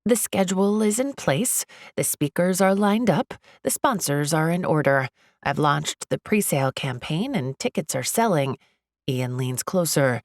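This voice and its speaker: Female narrator for a first-person romance audiobook, low and gravelly, close dry studio sound, expressive and chatty. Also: a little slow, no room sound. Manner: expressive, chatty, lively inner monologue.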